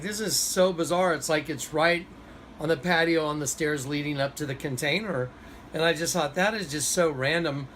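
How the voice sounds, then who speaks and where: Excited man telling a story, noisy recording. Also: on the high side. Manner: excited, rambling storytelling with restarts. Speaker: video host. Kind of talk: casual recorded monologue.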